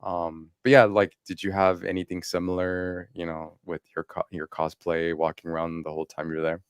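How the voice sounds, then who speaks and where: A man's voice: low-pitched, flat delivery, a little fast, smooth, no echo, studio quality. A man co-hosting a casual podcast chat, telling stories animatedly and acting out quoted lines with frequent laughs. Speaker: podcast co-host.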